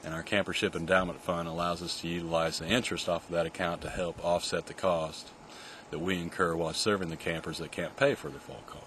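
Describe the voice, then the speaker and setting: A man, the camp's director, explaining its mission and funding in a steady, formal way. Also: low voice, fast, a little hiss or hum.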